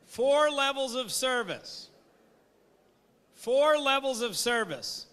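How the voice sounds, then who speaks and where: High, bright-voiced male seminar trainer. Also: slow, pauses often. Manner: energetic, quizzes the audience. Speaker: service trainer. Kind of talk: interactive seminar talk.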